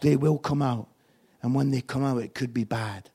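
A man preaching a sermon, impassioned, swinging between hushed lines and loud ones. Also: medium pitch, fairly even intonation, normal speed, breathy edge.

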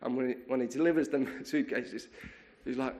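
A man preaching a sermon retells a story with energy, repeating words and restarting sentences often. His voice is medium-pitched and brisk.

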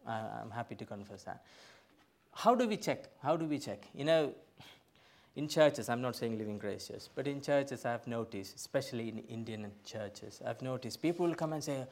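A middle-aged man, a pastor, preaching a sermon in a church, emphatic, swinging from loud bursts to quiet asides. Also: mid-range voice, animated, normal speed. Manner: emphatic, rising to loud bursts then dropping soft.

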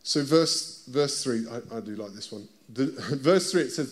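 Unhurried and mid-range in pitch, this British-accented man gives a sermon in a conversational style. He frequently pauses to ask the listeners questions directly.

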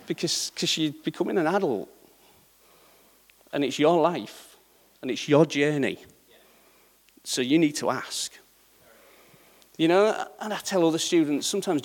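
A man's voice: a little high, in a large hall. A middle-aged man preaching a sermon in a conversational way, often checking in with the congregation. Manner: conversational, checks in with repeated "yeah?".

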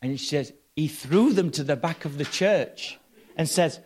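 Male preacher, slightly high voice, storytelling sermon with loud excited peaks. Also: unhurried, husky. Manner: storytelling, rising to loud excited bursts with laughter.

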